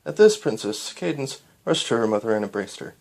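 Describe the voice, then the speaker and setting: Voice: medium pitch, animated, a little fast, creaky, darkish tone. A reader of fan fiction, reading a story aloud in a casual way and correcting slips as they go. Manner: stumbles and corrects themselves.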